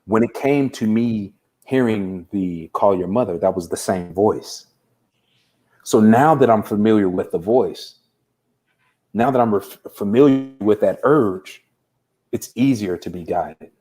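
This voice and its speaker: A man's voice: on the low side, unhurried, warm tone. A man, a guest coach on a live interview show, telling a personal story earnestly and acting out the dialogue. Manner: earnest, acts out quoted dialogue.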